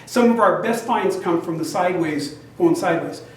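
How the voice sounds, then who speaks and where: An older man telling a lively personal story to an audience, acting out the other people's lines as he goes. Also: high voice, normal speed, slight background noise. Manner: animated, self-described big talker, acts out both sides of dialogue. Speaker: genealogy society presenter. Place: meeting room with an audience. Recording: very echoey room, mic at a distance.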